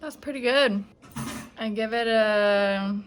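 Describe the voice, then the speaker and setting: Taking it slowly in a medium-pitched voice, a young woman in her twenties who studies nursing rambles through a casual vlog chat to camera, peppering it with "like" and "I don't know." There's slight background noise.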